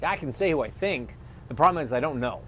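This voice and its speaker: A man in his thirties, a former race driver turned analyst, telling stories in a lively, casual interview chat. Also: fairly high pitch, fast talker, a little hiss or hum. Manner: animated storyteller who acts out quotes.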